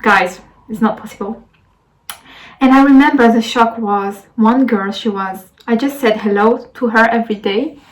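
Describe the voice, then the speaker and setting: A woman's voice: fairly high pitch, normal speed, poor audio. A young woman with a French accent, telling a rambling story to her camera in a casual vlog, with lots of fillers and restarts. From France. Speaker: vlogger.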